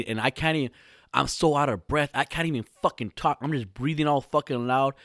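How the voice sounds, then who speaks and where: A man spins a comic story for his podcast, cursing constantly and doubling back on himself as he talks. His voice sits in an ordinary middle pitch. It is recorded close and dry, with no room echo. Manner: rambling, heavy swearing, frequent restarts. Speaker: podcast host. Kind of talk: casual comedic storytelling. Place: lives in Southern California.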